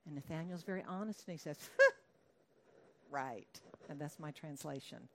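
A woman preaching a sermon in a conversational way, with a fairly low voice. She keeps asking her listeners questions and acts out quoted lines in a raised voice. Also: fast talker, gravelly, a little mellow, slight background noise.

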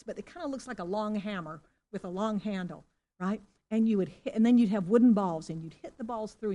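A middle-aged woman pastor from Singapore preaches to her congregation, telling a story at a middling pitch. She keeps asking her listeners questions and now and then rises into loud exclamations. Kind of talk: sermon.

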